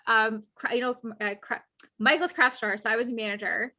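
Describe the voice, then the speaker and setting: A young woman, a podcast guest, telling work stories in casual chat, animated and swearing freely. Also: fairly high pitch, a little fast.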